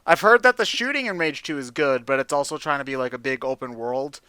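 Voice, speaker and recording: Laid-back man with a bright, clear voice. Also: mid-range voice, fast, dry recording, studio quality. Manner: laid-back, passes on what he has heard. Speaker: podcast co-host. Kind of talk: casual gaming chat.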